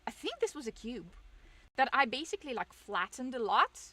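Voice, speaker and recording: A woman's voice: fairly high pitch, sing-song, a little fast, pushed and bright, a little hiss or hum. A young woman streamer chatting casually with her viewers, rambling, self-deprecating and laughing often.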